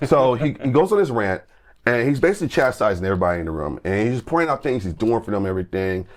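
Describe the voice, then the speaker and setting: A man, a guest church musician, telling an animated story in a podcast conversation, full of restarts, "like" and "I'm like", and acted-out quotes. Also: fairly low pitch, fast talker. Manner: tells anecdotes with lots of restarts and acted-out quotes; fillers like "like" and "I'm like".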